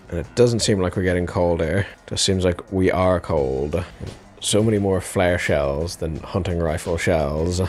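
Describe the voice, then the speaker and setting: Low-voiced, wry male gamer. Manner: wry, swears and laughs often. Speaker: game commentator. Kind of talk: casual gameplay commentary.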